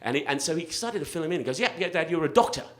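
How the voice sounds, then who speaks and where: A middle-aged man tells a comic personal story live at a story slam, mocking himself and laughing through his lines. His fairly high voice is animated and racing, picked up by a stage microphone in a restaurant event space.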